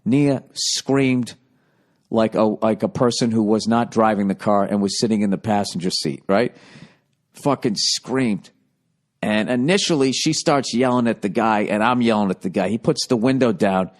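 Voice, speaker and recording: Man, low voice, comedy podcast host, casual storytelling, profane, self-mocking, mumbling then loud. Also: normal speed. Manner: swings from low mumbling to loud animated outbursts.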